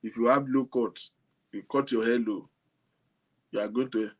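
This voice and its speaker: A man's voice: medium pitch, steady tone, moderate pace. A man with a Nigerian accent talking casually to camera, amused and incredulous, laughing often as he comments. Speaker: vlogger.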